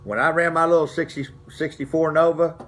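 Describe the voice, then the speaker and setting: A man's voice: a little high, fairly even intonation, brisk, fairly bright tone. A middle-aged man, telling racing stories from his past in a folksy, rambling way, full of restarts. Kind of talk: casual storytelling to camera.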